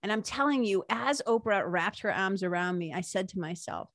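A woman's voice: medium pitch, normal speed, dry recording, studio quality. A woman telling a personal story in a casual, emotional monologue, full of fillers and laughter. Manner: animated, emotional, many fillers like "like" and "you know"; breaks into laughter. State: emotional, near tears.

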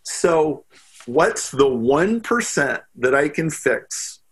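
A man guesting on a podcast, talking in an animated, storytelling way with lots of "like" fillers. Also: fairly high pitch. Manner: storytelling, quick bursts with frequent "like" fillers. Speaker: podcast guest, business strategist. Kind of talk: animated interview talk.

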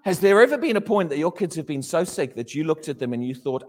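Guy preaching in a big echoey hall, high voice, super animated. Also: fast. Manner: animated, questioning the congregation, acting out dialogue. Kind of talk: sermon.

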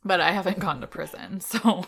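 Bright-voiced woman co-hosting a chatty podcast. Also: on the low side, lively intonation, moderate pace, gravelly, slightly rough. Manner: giggly, reads listener messages aloud. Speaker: podcast co-host. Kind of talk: casual chat.

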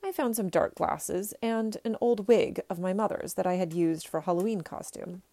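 A woman reading a children's story aloud in an expressive first-person way. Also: mid-range voice, moderate pace, no room sound. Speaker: reader.

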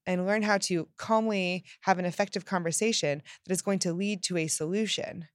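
A woman's voice: mid-range voice, moderate pace, no room sound, studio quality. A woman giving a reflective self-help monologue, speaking earnestly and candidly straight to the listener.

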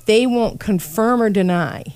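A woman hosting a casual interview, chatty and quick to laugh, acting out what others said. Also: mid-range voice, darkish tone, smooth. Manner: chatty, laughs often, acts out quotes. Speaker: podcast host and psychic.

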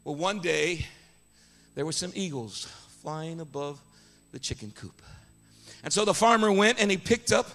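Man, preacher, sermon, bright voice, storytelling, shouted praise. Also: fairly high pitch, measured pace. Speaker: guest preacher.

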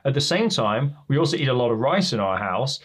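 A man's voice: medium pitch, very animated, a little fast, a bit bright, breathy edge. A man, a podcast guest telling stories about family and identity in a reflective way. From England. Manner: fluent, reflective storytelling. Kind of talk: casual interview chat.

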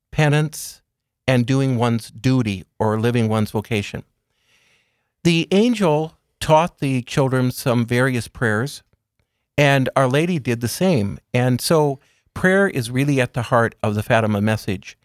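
Measured man explaining gently. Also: mid-range voice, expressive, dry recording, studio quality. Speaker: guest speaker on religious topics. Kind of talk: calm explanatory interview talk.

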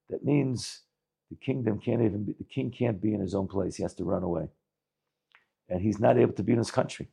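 A man telling a Hasidic story with a moral, halting often to restart, with Yiddish words mixed in. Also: on the low side, creaky, mellow, breathy edge. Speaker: storyteller and preacher.

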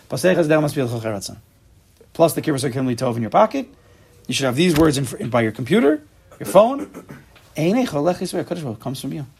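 Fast-talking man leading a study class, gravelly and husky. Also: medium pitch. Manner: fast, animated explaining with Hebrew terms. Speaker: Torah class teacher.

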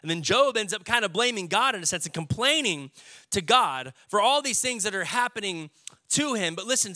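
Young guy preaching a sermon, bright voice, acts out the quotes. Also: sits high. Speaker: pastor.

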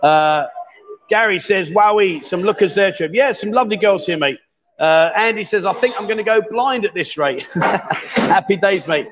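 A man's voice: high-pitched, moderate pace, fairly bright tone, lo-fi sound. A man hosting a live stream from a bar, chatting and bantering casually with a jokey manner. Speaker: livestream host. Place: busy bar with a pool table.

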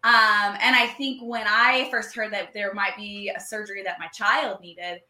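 A young adult woman hosting a conversation, chatty and animated, with plenty of fillers. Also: mid-range voice, moderate pace, echoey room. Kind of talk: podcast conversation.

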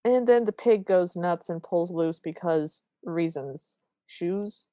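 A woman's voice: on the low side, warm tone, no room sound, studio quality. Wry woman recapping a movie. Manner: wry, quick recapping with quoted lines. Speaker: podcast co-host. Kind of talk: casual movie recap chat.

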